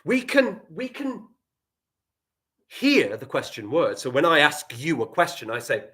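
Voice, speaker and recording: Male primary teacher, English accent, lively up-and-down pitch, playful, talking to children online. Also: measured pace. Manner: animated, playful, dropping to quiet asides. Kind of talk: live online writing lesson.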